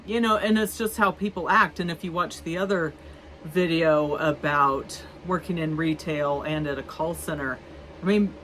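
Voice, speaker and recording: A woman's voice: low voice, a bit bright, a little hiss or hum, rough recording. A woman in her fifties telling a story to camera in a chatty, rambling way, with many fillers and restarts. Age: 50s. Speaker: vlogger.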